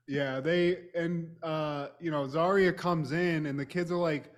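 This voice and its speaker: A man with a fairly high speaking voice co-hosts a casual podcast. He talks loosely and swears freely while recapping a TV episode. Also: steady tone, slow. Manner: loose, profane and joking. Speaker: co-host.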